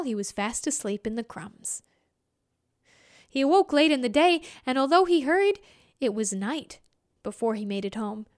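Woman telling a folk tale, animated, lively delivery, high voice. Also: moderate pace. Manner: expressive, with voiced sound effects and hushed whispers. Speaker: storyteller.

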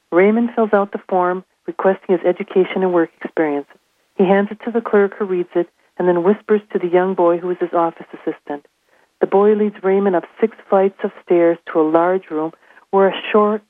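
A woman reading aloud from her own novel in a steady, measured narration. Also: fairly low pitch. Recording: tinny phone line.

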